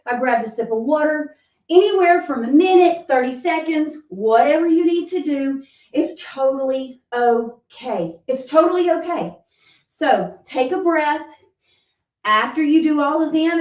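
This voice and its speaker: A woman's voice: sits high, darkish tone. A woman leading a live workout class, counting reps aloud and encouraging the listener while out of breath. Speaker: fitness instructor. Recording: roomy sound, mic at a distance.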